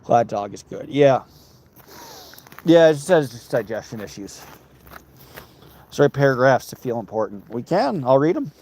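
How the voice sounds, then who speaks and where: A man's voice: mid-range voice, big pitch swings, normal speed, pauses often, darkish tone. A man livestreaming while walking outdoors, reading viewer comments aloud and bantering with his chat.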